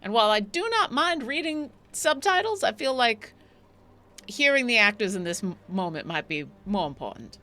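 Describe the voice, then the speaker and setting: A woman playing a tabletop game in character, speaking in a formal, measured way. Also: fairly high pitch, big pitch swings, pushed and bright. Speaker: player.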